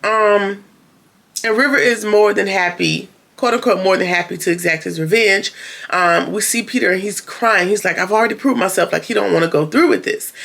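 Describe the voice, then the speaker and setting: A reviewer walks through a TV episode in a relaxed, chatty recap. The mid-pitched voice has a gravelly, creaky edge. Scenes are retold with quoted lines, and "um" and "like" fill the gaps. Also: moderate pace. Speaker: TV show reviewer.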